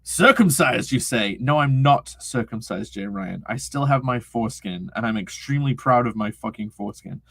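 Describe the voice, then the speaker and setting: A man's voice: lowish voice, moderate pace, gravelly, few pauses, no echo. A young man casually streaming, reading chat aloud, laughing often and swearing freely.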